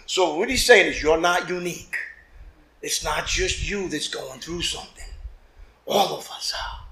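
A man preaching a lively sermon as pastor, acting out quotes and calling for amens from the congregation. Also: sits high. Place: church. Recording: echoey church room.

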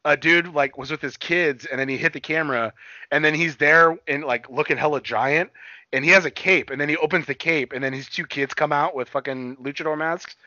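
A man rambles through a story in casual chat, swearing freely and getting animated. His voice is bright and sits a little high. The recording is dry and slightly dull. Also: a little fast, dry recording. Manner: rambling, profane, animated retelling. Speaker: podcast co-host.

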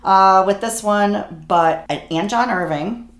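A woman talking casually and enthusiastically about books she loves, in a chatty way. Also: medium pitch. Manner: chatty, enthusiastic, drawn-out phrasing. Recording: echoey room.

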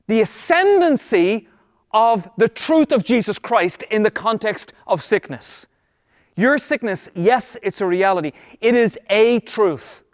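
A man preaching a sermon as pastor, emphatic, slowing down on key words and then rushing ahead. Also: high voice, dry recording, clean studio sound, in a large hall. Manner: emphatic preaching, shifting between slow stress and quick bursts.

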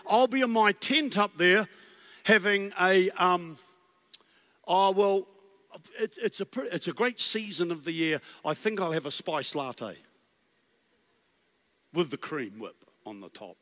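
A man's voice: high voice, a little slow, pauses often, a bit bright. A man voicing an unbothered, laid-back leader, offhand and breezy, in a reverberant hall.

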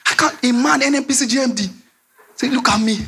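A young Nigerian man preaching a sermon as pastor, animated, repeating phrases and dropping into a low voice to act out quotes. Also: a little fast, vocal fry.

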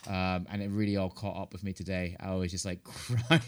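A man in his thirties, a podcast co-host, exhausted from lack of sleep and telling stories in animated, chatty conversation. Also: fairly low pitch, fast, few pauses. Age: 30s. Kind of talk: casual chat.

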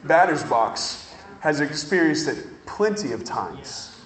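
A man preaching a sermon, telling stories in an animated way and drawing out words for emphasis. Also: fairly high pitch, reverberant, poor audio. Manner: animated storytelling with drawn-out emphasis.

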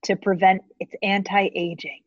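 A woman's voice: mid-range voice, flat delivery, unhurried, no echo, dull audio. A woman joining as a podcast guest, joking and teasing in casual chat. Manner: playful, teasing, jokey.

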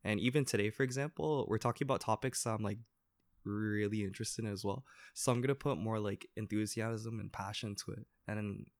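A young man chatting casually as a podcast guest, animated and slangy with lots of fillers. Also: fairly low pitch, brisk, dry recording, studio quality. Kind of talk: casual chat.

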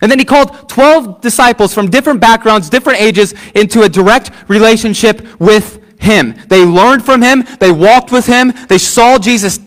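A pastor preaching a sermon, using repeated phrases and asking the congregation questions. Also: male voice, sits high, moderate pace, few pauses, a bit bright.

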